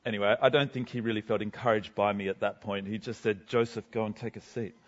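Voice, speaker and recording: A man with a fairly low voice delivers a first-person sermon as a guest speaker, playing a cheerful, chatty apostle for a congregation in a school gym. He's bubbly and self-deprecating, talking fast with fairly even intonation in a natural voice, though the sound is lo-fi.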